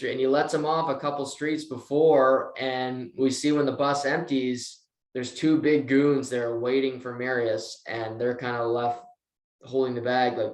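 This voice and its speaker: A man's voice: medium pitch, a little slow. A man casually recapping a TV episode as co-host, acting out the characters' lines as he tells it. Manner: animated retelling, acts out quotes. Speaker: podcast co-host. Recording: roomy echo.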